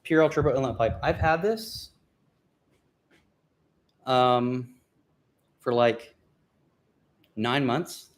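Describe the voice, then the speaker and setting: Easygoing young man rambling on a livestream. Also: medium pitch. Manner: rambling, easygoing, talks to viewers and pets. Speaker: car vlogger hosting a livestream. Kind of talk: casual livestream chat. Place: home, then his cluttered garage.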